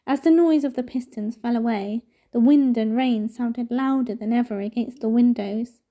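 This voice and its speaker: A woman reads a novel aloud in steady, measured narration. Her voice is fairly high and mellow. The recording sounds dull and lo-fi. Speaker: storybook reader.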